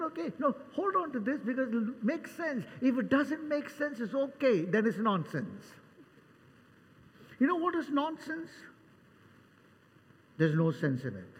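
High-voiced older man preaching in a hall. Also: sing-song, a little slow, long pauses, husky. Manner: dramatic, acts out Bible scenes with voices, swings loud and soft. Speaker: pastor. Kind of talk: sermon. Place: church hall. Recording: long church reverb.

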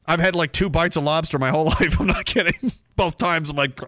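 In a comedic ranting monologue, a podcast host reads chat, swears, mocks, and keeps sliding into silly put-on voices. He's a little high and fairly quick, pushed and bright with fairly even intonation, in a dry, studio-quality recording.

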